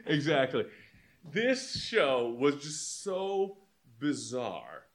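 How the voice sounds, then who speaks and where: Male podcast co-host, slightly high and very lively voice, animated storyteller. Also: very slow. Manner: animated storytelling, swearing, laughing often. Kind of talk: casual chat.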